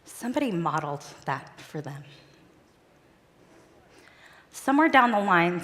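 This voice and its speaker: A woman's voice: lowish voice, very animated, unhurried, pauses often, fairly bright tone. Woman speaking in a reverberant church hall. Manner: earnest, conversational. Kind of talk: personal storytelling talk. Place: church auditorium stage.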